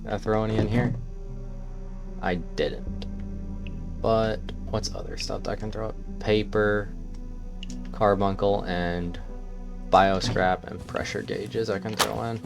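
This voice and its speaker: A man's voice: lowish voice, fairly even intonation, slow, creaky, pauses often. A man casually thinking aloud as he plays a survival game. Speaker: gameplay streamer. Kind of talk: let's-play commentary. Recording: game music underneath.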